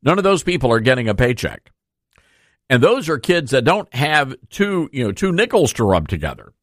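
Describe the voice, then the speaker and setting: A man's voice: mid-range voice, very animated, moderate pace, no echo, clean studio sound. A man hosting a political commentary show, speaking in a folksy, opinionated, conversational way. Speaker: host.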